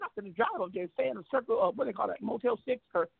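Brief: high gravelly male storyteller, boastful and profane, phone line. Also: sing-song, racing, hardly any pauses, dry recording. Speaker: guest telling a story. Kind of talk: animated storytelling on a talk show.

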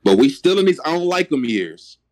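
Animated slangy man co-host. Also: on the high side, fairly quick. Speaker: podcast co-host. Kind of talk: casual chat.

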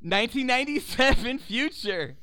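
Excitable, high-voiced young man. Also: moderate pace, dry recording. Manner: excitable, profane, reenacts movie scenes. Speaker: podcast co-host. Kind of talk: casual chat.

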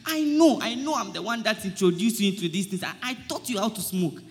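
High-voiced man preaching with pleading stammer. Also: animated, fairly quick, in a large hall. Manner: pleading, stammering repeats, quotes scripture. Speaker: preaching friend in a comedy skit. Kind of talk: comic street-style preaching.

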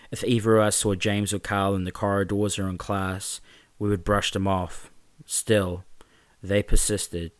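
A man tells a first-person story in a steady, plain way. His voice is low, and the recording is dry and close. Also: dry recording. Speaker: narrator.

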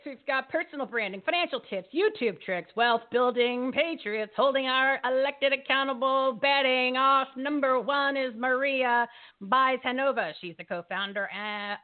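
A fiery, folksy woman hosts a live show over a video call. Her voice sits fairly high and comes through a thin, phone-like line. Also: moderate pace. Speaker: host. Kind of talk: live talk show hosting. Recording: phone-like narrow audio.

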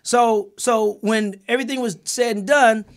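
A man with a high-pitched voice tells a heated story in a group chat. He is emphatic, repeats and restarts his words, and swears freely. He sounds like a producer settling a score. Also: steady tone, a little slow. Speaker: documentary creator and executive producer.

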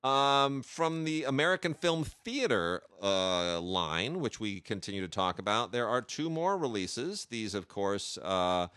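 A man hosts a casual chat about films, keen and full of hesitations. His low voice is bright and resonant. The recording is dry and close. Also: animated, unhurried, hardly any pauses, clear, resonant tone, no room sound. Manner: enthusiastic, with many hesitations and restarts. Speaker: podcast host reviewing film releases.

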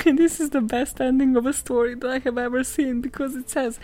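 A woman's voice: high-pitched, steady tone, brisk, darkish tone, faint music behind. A woman hosting a podcast, retelling a fairy tale in a sarcastic, profane, chatty way, laughing often and saying "like" a lot. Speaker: podcast host. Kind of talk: casual comedic storytelling.

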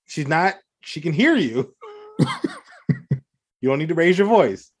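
A man's voice: a little high, sing-song, measured pace. A man co-hosting a casual comedy chat, telling loose stories, laughing often and acting out the people he quotes. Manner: laid-back storyteller who laughs often and acts out quoted lines.

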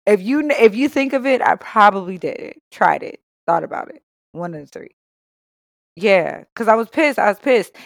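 A young woman co-hosting a casual podcast, spinning a story with profane, animated energy and quoting people as she goes. Her voice has a gravelly, fry-laden edge. The sound is close and dry. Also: mid-range voice, normal speed, dry recording. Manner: animated, profane, laughing storyteller who acts out quotes. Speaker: podcast co-host.

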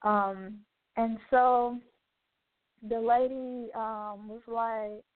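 A woman's voice: a little high, steady tone, extremely slow, no echo. Woman host telling a heartfelt testimony. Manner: heartfelt storytelling, many "you know" asides. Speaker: radio show host. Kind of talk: personal testimony, casual talk. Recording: narrow phone-like sound, dry.

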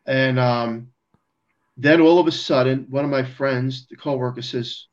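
A man's voice: mid-range voice, a little slow. A man telling a story as a guest in a casual conversation, acting out the dialogue he quotes. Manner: animated, acts out quoted dialogue. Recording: slightly dull lo-fi audio.

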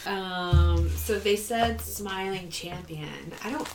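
A woman player in a tabletop game, briskly organizing the group. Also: medium pitch. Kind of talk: casual game chat. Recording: roomy, distant, noisy.

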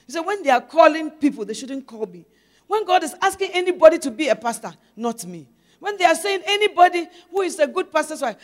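Woman preaching, swinging from loud to hushed. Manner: swings from loud, emphatic exhortation to low, musing questions. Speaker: pastor's wife, preacher. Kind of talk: sermon.

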